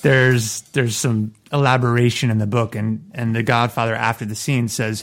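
Brief: male podcast co-host, mid-pitched, jokey banter, quick to laugh. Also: flat delivery. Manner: joking, slips into impressions, laughs often. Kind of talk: casual film chat.

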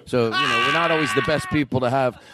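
A man hosting a comedy podcast, rambling excitably and laughing a lot as he tells a story. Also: medium pitch, fast, very noisy. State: stoned. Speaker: podcast host. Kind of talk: casual comedy podcast chat.

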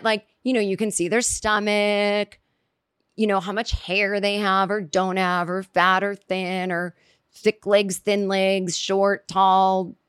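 A woman's voice: mid-range voice, smooth, dry recording, studio quality. A woman telling a casual comic story, rambling and chatty, acting out quoted reactions as she goes.

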